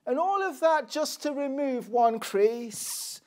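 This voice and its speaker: A man's voice: extremely high pitch, lively intonation, slow pace, darkish tone. A middle-aged man preaching a sermon, earnest and posing rhetorical questions to the congregation.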